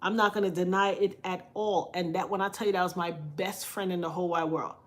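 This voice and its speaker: A woman's voice: lowish voice, fairly quick. A woman telling a personal story in casual talk, frank and colloquial, acting out the other people's voices as she goes. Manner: animated, acts out quoted voices. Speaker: vlogger.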